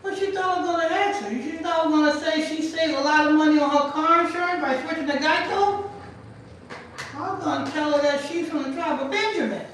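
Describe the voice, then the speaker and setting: A woman hosting a commentary stream, rambling and repeating herself as she rants loudly and questions a voice assistant. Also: high-pitched, fairly quick. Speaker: channel host. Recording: echoey room, far from mic, faint noise.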